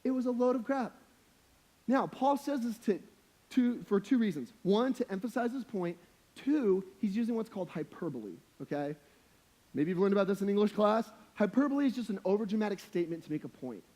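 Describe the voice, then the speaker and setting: A young man with a high voice preaches a sermon to his church. His delivery is casual and slangy, like chatting with friends, with humorous, emphatic punches. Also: animated, fairly quick, warm tone. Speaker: pastor.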